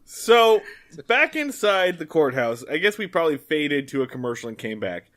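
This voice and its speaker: A man co-hosting a podcast, casually recapping a TV episode, animated and quick to laugh and act out lines. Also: on the high side. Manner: animated, laughs often, acts out characters' lines. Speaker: podcast co-host.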